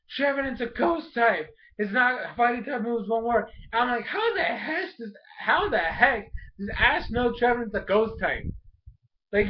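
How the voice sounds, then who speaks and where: Male reviewer, high voice, excitable casual recap with lots of fillers, dull lo-fi sound. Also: slight background noise. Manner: animated, fills speech with "like", mild cursing. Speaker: episode reviewer.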